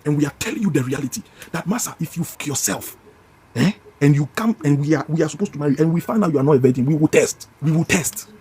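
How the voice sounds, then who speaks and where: Fast, fiery Ghanaian preacher man. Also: on the high side, lively intonation, warm tone, breathy edge. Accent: Ghanaian English. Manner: emphatic, repeats phrases, scolds listeners directly. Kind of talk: fiery sermon.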